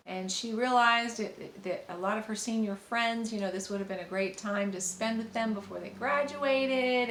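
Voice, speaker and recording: A middle-aged woman teaching about parenting, telling a personal story in a gentle, rambling way with many fillers and restarts. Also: medium pitch. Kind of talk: informal teaching monologue with anecdotes. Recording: echoey room with faint ambient noise.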